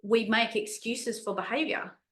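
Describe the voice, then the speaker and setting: A woman's voice: fairly high pitch, measured pace, fairly bright tone. A woman hosting a podcast interview, responding supportively and reflecting on what the guest shares, with frequent restarts. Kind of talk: interview conversation. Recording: roomy echo.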